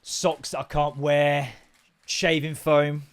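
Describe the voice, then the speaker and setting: A man's voice: a little high, slow pace, smooth. Sweary British man ranting on a podcast. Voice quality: sweary, rambling, animated ranting. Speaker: podcast host. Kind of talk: solo podcast rant.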